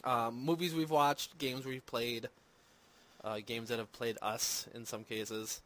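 Slow and steady in tone, with a medium pitch and a touch of brightness, this man hosts a casual podcast on movies and games. Recording at home in Minnesota, he rambles, mocks himself, and leans heavily on fillers.

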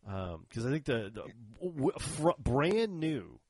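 A man's voice: medium pitch, sing-song, slow pace, darkish tone, husky, no room sound. A man in casual chat who tells long rambling stories, acts out the other people's lines and laughs often.

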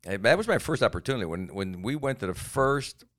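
A man co-hosting a casual podcast, telling animated stories and jumping into quoted voices. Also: medium pitch, fairly quick. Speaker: podcast co-host and comedian.

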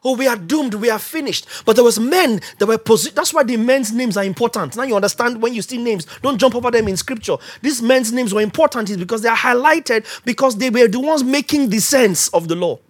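A woman preaching a sermon, emphatic, asking the congregation questions and rising to shouts. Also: on the high side, brisk, few pauses.

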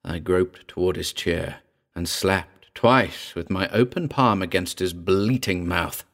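A man narrates a ghost story in an unhurried, measured delivery. His voice is fairly low with a gravelly fry. The reading is dramatic and deliberate. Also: a bit bright. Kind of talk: scripted audiobook narration.

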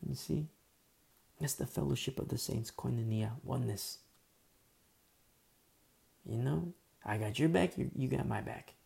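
A man preaches in an easygoing, conversational way, leaning on fillers and often sinking to a quiet murmur. His voice is heavily gravelly with a lot of fry and a dark, mellow tone. It sounds like a casual church message. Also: mid-range voice, unhurried, long pauses. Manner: informal, many fillers, drops to soft murmurs. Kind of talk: conversational sermon.

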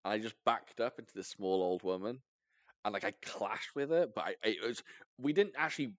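A man hosting a podcast, telling stories in casual chat, animated and jumping up in pitch for emphasis, with some swearing. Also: fairly quick, no echo. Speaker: podcast host.

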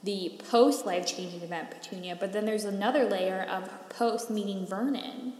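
A woman's voice: mid-range voice, normal speed, darkish tone. A young woman co-hosting a podcast in casual chat, chatty, with frequent laughs and fillers. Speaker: podcast co-host. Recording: echoey room with long reverb.

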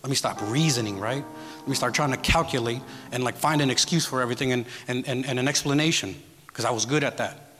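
A man's voice: mid-range voice, fast talker. A man giving a sermon as guest preacher, telling a personal story in a conversational way and often checking in with the congregation. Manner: storytelling, conversational, asks the audience "right?". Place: church hall with congregation. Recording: church hall reverb with music.

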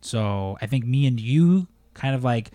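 A man's voice: mid-range voice, lively intonation, unhurried, dark tone, dry recording. Dry-sounding man telling workplace stories. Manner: rambling anecdotes, acts out quotes, swears freely. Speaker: podcast co-host. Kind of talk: casual storytelling chat.

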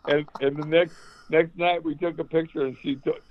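A man telling a rambling story as a guest, excitable and swearing often, over a call line. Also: on the high side, moderate pace. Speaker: guest musician. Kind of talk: casual storytelling. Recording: tinny phone-like line, dry.

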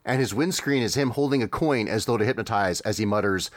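A man's voice: lowish voice, fairly quick, dry recording, studio quality. A man co-hosting a podcast in casual chat, describing a video clip in a wry, chuckling way with frequent fillers. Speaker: podcast co-host.

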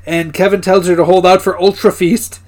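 A man's voice: high-pitched, little pitch movement, fairly quick, a little mellow. A man co-hosting a podcast who casually recaps episodes, laughing often and swearing now and then. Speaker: podcast co-host.

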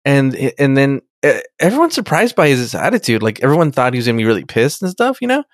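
A man's voice: mid-range voice, very animated, fast, no room sound, studio quality. A man co-hosting a podcast, recapping an episode in a rambling, profane casual chat, saying "dude" a lot. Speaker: podcast co-host.

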